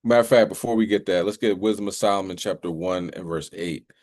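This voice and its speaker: A man hosting a religious commentary, talking loosely with many fillers and reading scripture slowly and solemnly. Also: low voice, a little mellow, dry recording, clean studio sound.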